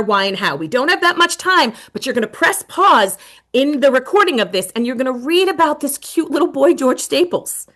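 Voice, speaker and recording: A middle-aged woman presenting a teacher webinar, animated, with dramatic whispered asides. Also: high-pitched.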